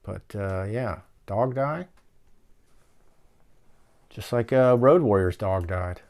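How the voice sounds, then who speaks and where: A man's voice: lowish voice, lively intonation, slow pace, a little mellow. A man hosting a casual movie-riffing show from his office, rambling and swearing as he rants. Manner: rambling, profane, ranting. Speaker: show host.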